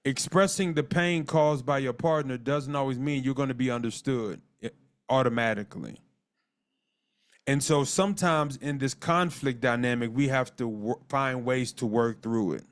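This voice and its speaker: A man leads a marriage class over a live call, his voice at an ordinary middle pitch. He speaks earnestly, circles back over his own words, and slows down to dictate points and spell them out letter by letter. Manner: earnest, repeats words, dictates lists slowly and spells terms out. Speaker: marriage church teacher. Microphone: call audio.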